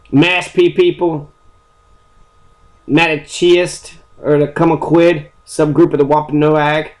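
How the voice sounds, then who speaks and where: A man with a somewhat high-pitched voice, ranting in a fury. He swears constantly and rambles from one tangent to the next as he talks through history. It sounds like a loose, unscripted solo rant. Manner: angry, heavily swearing, rambling. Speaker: history channel host.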